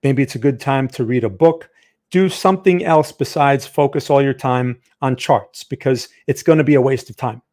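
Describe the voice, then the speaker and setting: A man's voice: medium pitch, moderate pace, darkish tone. A man with a New Jersey accent hosting a live-stream trading lesson, chatty and talking straight to his chat viewers. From Northern New Jersey, USA.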